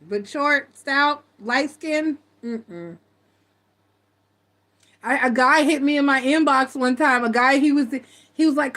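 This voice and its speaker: Blunt, animated woman tarot host. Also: sits high, unhurried. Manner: animated storytelling, blunt and laughing. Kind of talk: casual live-stream chat.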